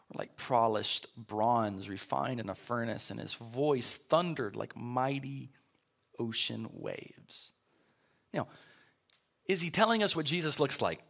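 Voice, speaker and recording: A man with a gravelly, mid-range voice teaches a live Sunday school class in a church. He talks to the room in a relaxed, conversational way, reading scripture passages aloud and then stopping to explain them. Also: medium pitch. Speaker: pastor.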